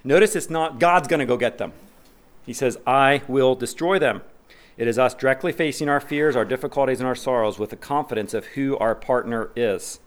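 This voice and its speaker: Man preaching a lively sermon. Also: medium pitch, fairly quick. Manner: preaching, reads scripture aloud with rising emphasis; conversational asides, asks the congregation questions. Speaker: pastor.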